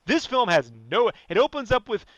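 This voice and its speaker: A man with a high, bright voice rants on a podcast, animated and profane. He talks casually and keeps pushing his point. The sound is dry and close, with no room around it. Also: moderate pace, no echo, highs cut off. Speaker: podcast guest.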